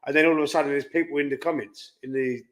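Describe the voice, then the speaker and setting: A man's voice: a little high, fairly even intonation, rapid-fire, a bit bright. A man with a Cockney accent hosting a casual live-stream chat, telling rambling anecdotes and quoting his own back-and-forth exchanges. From London. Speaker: host.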